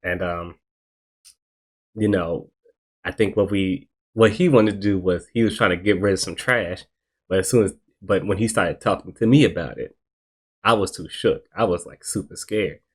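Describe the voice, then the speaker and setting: A man's voice: low voice, normal speed, slightly rough. A young man hosting a podcast, telling a rambling story in casual slang and acting out what people said. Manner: rambling, animated, slangy, acts out quotes. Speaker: podcast host.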